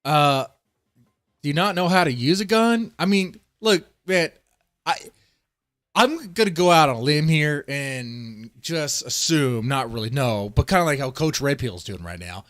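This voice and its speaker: A man's voice: fairly high pitch, animated, unhurried, a bit bright, dry recording, studio quality. A man streaming live, rambling through casual, profane commentary and talking straight to his chat. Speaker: streamer reacting to a video.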